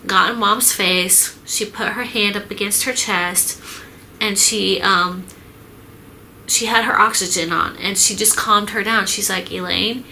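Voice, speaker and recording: Woman vlogger, bright and clear tone, soft and earnest, hesitant storytelling with lots of pauses. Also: medium pitch, a little hiss or hum, poor audio. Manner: halting, with many pauses and fillers. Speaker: vlogger recounting her mother's illness. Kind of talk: personal storytelling vlog.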